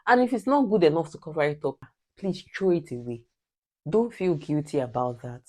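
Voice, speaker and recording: A woman's voice: low voice, expressive, normal speed, a little mellow. A Nigerian woman giving direct, emphatic advice in a casual vlog, repeating her points like a preacher. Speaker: vlogger.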